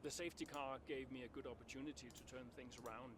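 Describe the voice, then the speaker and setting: An actor playing a confident young male racing driver in a video game interview, calm and self-assured. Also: medium pitch, fast, noisy background, close to an everyday voice.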